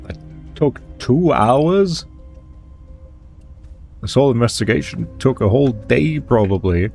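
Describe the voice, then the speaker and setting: A man's voice: mid-range voice, expressive, unhurried, gravelly, darkish tone, soft background music. A man with a German accent reading game dialogue aloud on a stream and tossing in wry asides. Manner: wry asides while playing.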